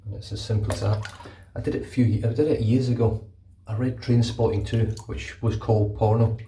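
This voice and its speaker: In a lowish, creaky, dark voice with fairly even intonation, a man speaks a little fast as he shaves and vlogs, casual and rambling with occasional swearing. The bathroom echoes, the mic is distant, tap water runs, and a little hiss or hum is present.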